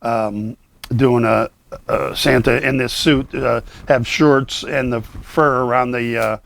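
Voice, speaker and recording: Slow and steady, this older guest's voice is medium-pitched, creaky, and a bit bright. He works as a Santa performer and talks casually, with plenty of fillers and false starts.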